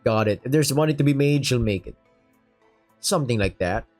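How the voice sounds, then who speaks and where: A man's voice: medium pitch, lively intonation, a little fast, darkish tone, faint music behind. A man reading a sci-fi story aloud and breaking off into joking, casual asides. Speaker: story reader and commentator.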